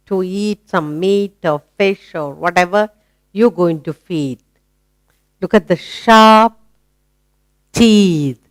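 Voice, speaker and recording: A woman teaching a children's phonics lesson, asking slow, patient questions and praising the answers. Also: lowish voice, no echo.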